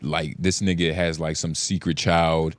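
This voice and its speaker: Co-host, male, very low voice, dry close sound, loose and profane. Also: flat delivery, unhurried, no room sound. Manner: rambling, profane banter. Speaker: podcast co-host. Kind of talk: casual chat.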